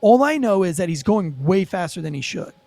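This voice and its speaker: A man with a high-pitched voice tells his story as a podcast guest. His telling is animated and profane and packed with fillers. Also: a little fast, gravelly, no room sound. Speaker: former police officer and podcast guest. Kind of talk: storytelling in a casual podcast interview.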